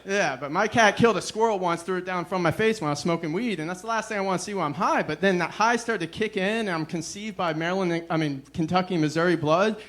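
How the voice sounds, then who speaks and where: A young man performing a stand-up comedy set, deadpan and self-deprecating, with a weary "ugh" between jokes. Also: high voice, quick pace, few pauses.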